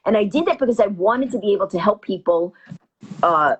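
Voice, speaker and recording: A woman comedian telling a story as an interview guest, talking fast and acting out the voices of the people in it. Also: medium pitch, expressive, husky, poor audio. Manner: fast, acts out quoted voices. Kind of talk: animated storytelling.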